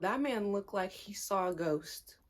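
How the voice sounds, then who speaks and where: A young woman telling a personal story in casual chat, animated and laughing often, her pitch jumping up when amused. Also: a little slow, background noise.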